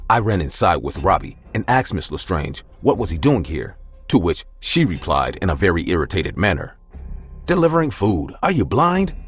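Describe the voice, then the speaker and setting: A man with a very deep voice narrates a first-person tale, his pitch rising and falling expressively. Soft music plays quietly behind his telling. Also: slightly rough. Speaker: storyteller.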